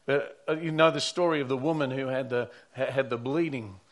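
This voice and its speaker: A man's voice: medium pitch, a little fast. A man who is a pastor preaching a sermon, telling stories earnestly and often repeating or restarting his words.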